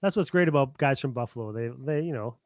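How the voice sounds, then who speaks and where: A man's voice: medium pitch, lively intonation, fast talker, no echo, studio quality. A male host chatting in a folksy, hesitant way with light jokes. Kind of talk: casual chat.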